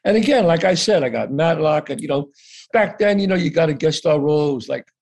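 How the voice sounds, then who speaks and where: A man tells a story from his own life in loose, lively conversation, his voice sitting a little high. He acts out the people he quotes and swears without a second thought. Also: fairly quick, gravelly. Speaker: guest actor. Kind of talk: casual storytelling.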